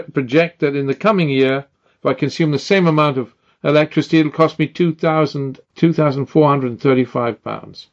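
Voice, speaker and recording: An older British man delivering an indignant opinion monologue, firing off rhetorical questions with emphasis. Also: fairly high pitch. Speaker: commentator. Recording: dull lo-fi sound.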